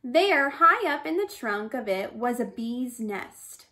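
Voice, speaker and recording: A woman's voice: fairly high pitch, sing-song, takes it slowly, pushed and bright. A woman reading a folk tale aloud expressively, adding sound effects. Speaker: storyteller.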